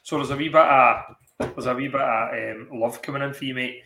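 A man's voice: mid-range voice, steady tone, fairly quick, sharp tone, roomy sound. A man hosting a casual podcast chat, swearing freely. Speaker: podcast host.

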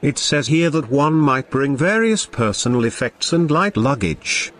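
A man voicing Grandolph, a grand, theatrical wizardly man who speaks in a slow, melodious old-fashioned way. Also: medium pitch, expressive, a bit bright, a little hiss or hum. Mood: reasoning.

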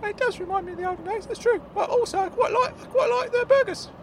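A man voicing a fussy, nostalgic older uncle in a high, squeaky put-on voice, prim and insistent, in a comedy podcast sketch. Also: fast talker, noisy background. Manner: insistent, prim and easily delighted.

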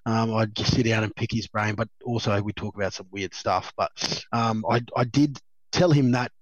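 A man's voice: on the low side, steady tone, normal speed, dry recording, lo-fi sound. An Australian man in his thirties, a former rugby league player telling rambling stories in an interview, chatty and laughing often. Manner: rambling, chatty storyteller who laughs often, lots of "you know" and "um". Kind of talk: relaxed anecdotal interview.

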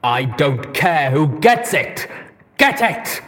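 A man's voice: fairly high pitch, lively intonation, takes it slowly, a little mellow, breathy edge, voice pushed up, exaggerated voice. A man reading an audiobook, voicing a huge, cruel and impatient male raider pony who snarls and bellows. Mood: bellowing. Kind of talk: audiobook character voice.

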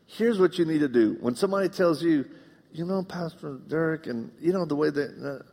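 A middle-aged man preaching a live sermon, animated and joking, acting out the voices in his stories. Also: a little high, fairly quick. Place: church auditorium. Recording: long reverb of a large hall.

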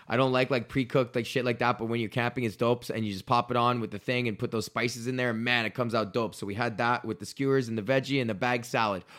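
A man hosting his own show solo, talking in a loose, profane ramble. He restarts sentences and corrects himself often. His voice sits at a middle pitch for a man. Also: fairly bright tone. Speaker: podcast host. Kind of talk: casual solo podcast rant.

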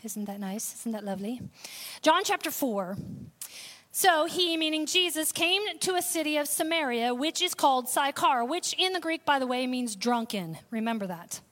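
A woman's voice: high voice, expressive, normal speed, fairly bright tone. A woman pastor, preaching a sermon with call-outs and sudden bursts of intensity.

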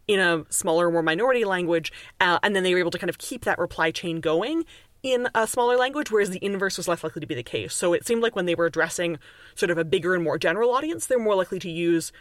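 A woman's voice: on the low side, fast, dry recording. A woman from Canada talks through language as a guest on a podcast interview. She is chatty and explanatory, with plenty of fillers and restarts. The sound is dry and close to the mic. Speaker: author and linguist guest.

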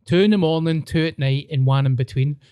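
A Scottish man with a slightly raised voice tells crude stories in a loose, animated way, often breaking into laughter. He is recorded on a close podcast mic in a dry, dead room. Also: fairly high pitch, a little fast, clear, resonant tone, no echo. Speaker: podcast host. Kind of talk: casual chat.

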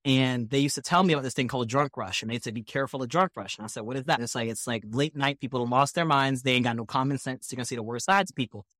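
A man who is a podcast guest, telling stories in a casual, animated way, acting out other people's lines and laughing as he goes. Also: mid-range voice, quick pace, hardly any pauses. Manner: animated, acts out quotes in shifting voices. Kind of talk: casual storytelling.

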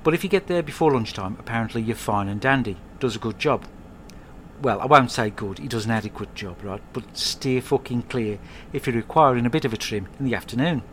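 Man, podcast host, comic monologue, sweary, deadpan, at home, faint background noise. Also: medium pitch. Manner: rambling, sweary, deadpan storytelling.

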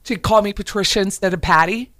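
Woman host, chatty and animated, acts out the calls she tells about. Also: medium pitch, fast. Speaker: host, realtor. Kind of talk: casual interview chat.

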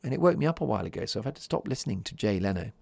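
Soft-spoken man with a gravelly low voice. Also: lively intonation, racing, dry recording. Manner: soft-spoken, chatty, drifts into whispers. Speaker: podcast host. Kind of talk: calm solo podcast monologue.

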